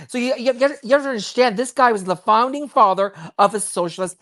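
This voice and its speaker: A woman giving heated, rapid political commentary, worked up and emphatic, with frequent restarts. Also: a little high, fairly bright tone. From child of immigrants.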